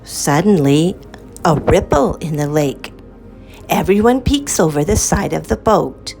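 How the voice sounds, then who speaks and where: Woman storyteller for kids: low, lively, unhurried, reading aloud over faint music. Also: creaky. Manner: slow, lilting, expressive read-aloud. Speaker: children's storyteller. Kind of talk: reading a picture book aloud.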